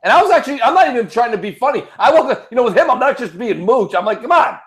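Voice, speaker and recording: A man hosting a casual gaming podcast, an animated storyteller who swears freely. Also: very high-pitched, rapid-fire. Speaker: podcast host.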